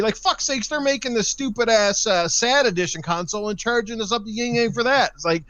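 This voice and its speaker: A man's voice: high voice, brisk, hardly any pauses, a bit bright, dry recording. A man on a gaming podcast, ranting heatedly with lots of swearing. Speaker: podcast panelist. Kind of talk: casual podcast rant.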